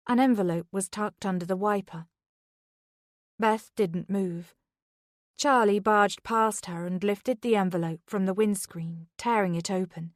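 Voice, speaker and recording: A woman narrating a thriller audiobook in a measured, even way, close to the mic. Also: medium pitch, no room sound. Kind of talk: scripted narration.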